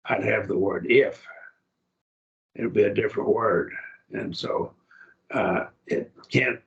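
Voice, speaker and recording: A man's voice: fairly low pitch, gravelly, muffled recording. A man teaching a Greek grammar class, explaining patiently and often checking that students follow.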